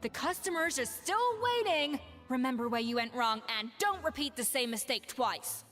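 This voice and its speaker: A woman's voice: sits high, expressive, moderate pace, fairly bright tone. A woman voicing a stern, bossy female head chef in a video game, curt and commanding. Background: faint game music.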